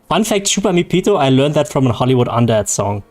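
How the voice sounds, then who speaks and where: Medium in pitch and darkish in tone, the voice belongs to a young game streamer whose first language is German. He keeps his livestream chat loose and rambling, with plenty of jokes and laughs.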